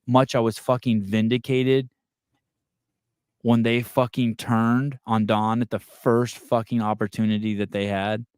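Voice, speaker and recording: A man's voice: medium pitch, level tone, unhurried, darkish tone, smooth, dry recording, clean studio sound. A man hosting a podcast, ranting in casual talk and swearing constantly. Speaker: podcast host. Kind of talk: profane casual podcast rant.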